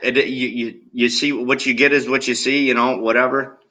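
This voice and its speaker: Recorded on poor-quality equipment, a political video blogger rants angrily at the camera, swearing nonstop and speaking directly to his viewers. His mid-range voice barely moves in pitch, and he talks at a normal speed with a bright, forceful, agitated tone.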